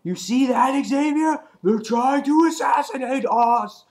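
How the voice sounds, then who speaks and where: A man voicing an enraged superhero who shouts at his old mentor in a high, strained voice. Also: measured pace. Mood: furious.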